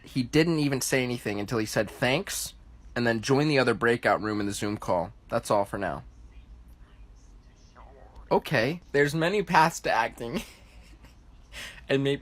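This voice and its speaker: A young American TikTok vlogger in his twenties talks casually to camera in his tiny New York City apartment, upbeat and teasing himself. His mid-range, a-bit-bright voice keeps a measured pace and pauses often.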